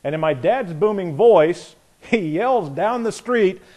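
Animated male preacher, lively pitch. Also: slow pace. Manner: animated preaching with storytelling and rhetorical questions. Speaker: pastor. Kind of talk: sermon.

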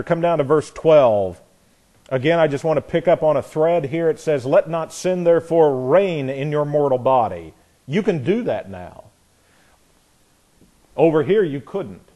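A man's voice: a little high, mellow. A man preaching a sermon, teaching verse by verse from the Bible with earnest emphasis and frequent restarts.

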